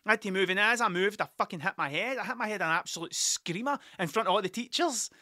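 A man's voice: high-pitched, animated, quick pace, sharp tone, no room sound, clean studio sound. A man, the podcast's host, telling a rambling, sweary and self-mocking story in casual monologue into a desk mic.

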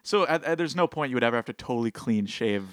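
A man's voice: medium pitch, animated, quick pace, fairly bright tone, no echo, studio quality. A man in his twenties from Canada co-hosting a podcast, laid-back and agreeable in casual chat. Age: 20s. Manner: laid-back, agreeable, many short yeahs. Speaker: podcast co-host.

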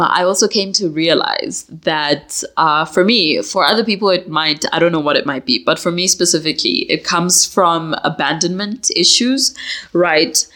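A woman's voice: deep voice, a bit bright. A young woman hosting a casual solo podcast, talking candidly and mocking herself, laughing often. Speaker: podcast host.

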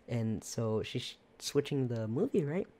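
Casual, rambling storyteller, mellow tone. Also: medium pitch, expressive, slow. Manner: laid-back, rambling, often laughing.

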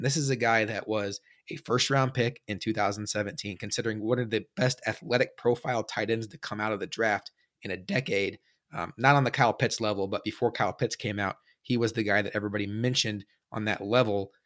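A man hosting a sports podcast, chatting casually and telling stories with animated quoted voices. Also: on the low side. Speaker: podcast host.

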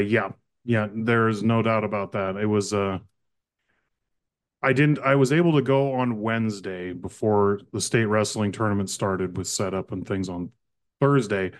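A man co-hosting a sports podcast, chatting excitedly about high school games and often correcting himself mid-sentence. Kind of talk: casual sports talk.

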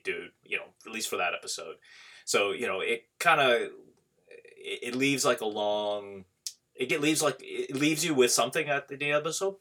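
A man's voice: on the low side, sharp tone. A man hosting a podcast in casual chat, rambling with many restarts and laughs. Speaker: podcast host.

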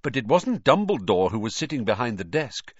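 Lively male audiobook narrator. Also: mid-range voice, brisk, no room sound. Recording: dull, dry recording.

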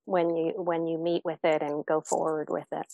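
A woman's voice: deep voice, level tone, moderate pace, vocal fry, warm tone, no echo, dull audio. A woman speaking as a podcast guest, reflective and encouraging in casual conversation, with many fillers.

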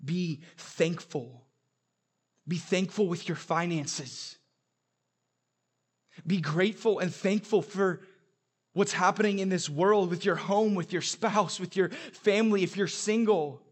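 A man's voice: high-pitched, takes it slowly, husky. A young adult man preaching a sermon, telling stories with humor and emphatic repetition. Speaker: pastor.

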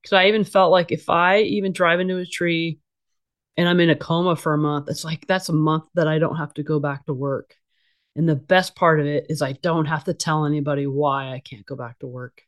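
A middle-aged woman talking candidly as an interview guest. She is blunt and casual, with frequent fillers and restarts. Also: low voice. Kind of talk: candid conversational storytelling.

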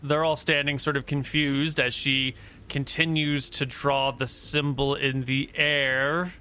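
A man narrating as game master in a tabletop role-play, relaxed and filling pauses with "um". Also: medium pitch, clean tone. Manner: relaxed narration with frequent fillers.

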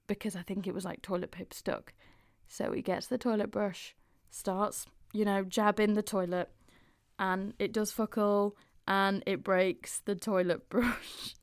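A woman's voice: mid-range voice, a little slow, no echo, studio quality. A young woman hosting a podcast, telling stories in a chatty, giggly way and swearing freely. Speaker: podcast host. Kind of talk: casual podcast storytelling.

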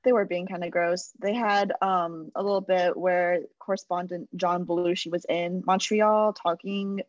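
A woman's voice: lowish voice, steady tone, normal speed, dry recording. A woman co-hosting a casual chat, speaking hesitantly with lots of fillers. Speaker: podcast co-host. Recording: dry, dull lo-fi sound.

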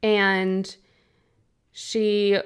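A young woman co-hosting a book podcast, chatting in a relaxed, casual way, with lots of "like" and "um". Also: medium pitch, drawn-out words, smooth. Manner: relaxed, fillers like "like" and "um". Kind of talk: casual chat.

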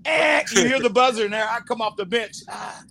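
Actor guest, male, higher voice, lively raconteur who laughs a lot and mimics others. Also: brisk, creaky. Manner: animated, laughs often, acts out quoted voices. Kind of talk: casual interview storytelling.

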